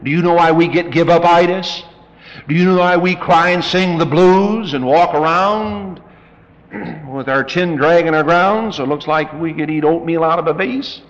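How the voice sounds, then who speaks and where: A man's voice: on the high side, moderate pace, lo-fi sound. A male pastor preaching a sermon in a folksy, emphatic and dramatic way, in a reverberant church hall.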